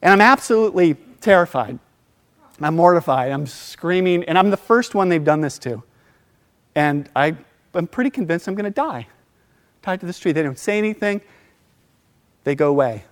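A middle-aged man telling a personal story in a relaxed, casual way, acting out quoted voices and laughing between lines. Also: sits high, moderate pace, pauses often.

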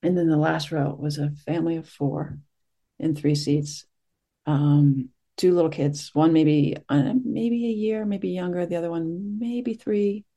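A middle-aged meditation teacher giving a soft-spoken, reflective talk after a group sit, pausing often and searching for words. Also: medium pitch. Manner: soft-spoken, gentle, searching, with many pauses and fillers.

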